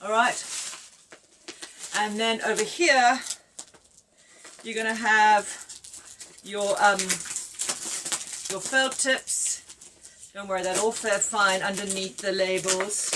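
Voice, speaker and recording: A woman's voice: mid-range voice, takes it slowly, pauses often, background noise. A woman designer giving a chatty, jokey, self-mocking demonstration of her own product from her office. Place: home office.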